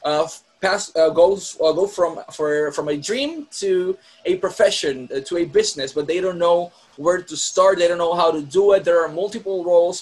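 A man hosting an interview, asking long, winding questions at an unhurried pace. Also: high-pitched, rough recording. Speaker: interview host.

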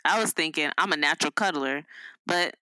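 A woman's voice: low voice, brisk, pushed and bright, clear, resonant tone, no room sound, low-quality recording. A woman co-hosting a podcast in casual chat, playful and laughing often. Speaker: podcast co-host.

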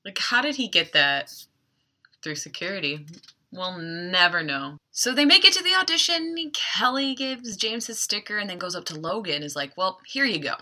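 Chatty woman with a bright voice. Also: medium pitch, very animated. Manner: chatty and wry, with quick asides. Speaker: podcast host. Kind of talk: casual episode recap.

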